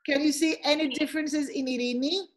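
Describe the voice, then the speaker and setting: A woman's voice: sits high, brisk. Upbeat woman teacher on a video call. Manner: lively, encouraging, instructive. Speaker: teacher trainer. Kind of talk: online webinar instruction.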